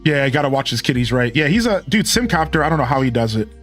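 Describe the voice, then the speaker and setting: A man's voice: mid-range voice, big pitch swings, quick pace, a bit bright, faint music behind. A man in his thirties rambling casually with his live-stream viewers, chuckling and thanking them by name. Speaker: game streamer.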